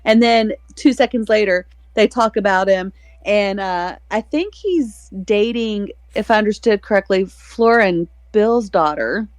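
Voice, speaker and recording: A woman co-host chats loosely on a book podcast, circling back over her points and breaking into laughter. Her voice sits at an ordinary middle pitch. The sound is very dry and close, with no room around it. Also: a little slow, no echo. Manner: chatty, rambling, laughs often. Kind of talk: casual chat.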